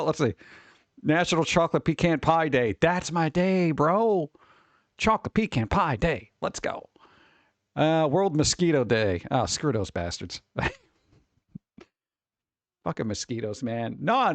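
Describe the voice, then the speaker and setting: A man hosts a casual live-stream chat in a somewhat high voice that swings up and down a lot as he talks. His delivery is wisecracking and sarcastic. The sound is dry, with no room echo. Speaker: streamer host.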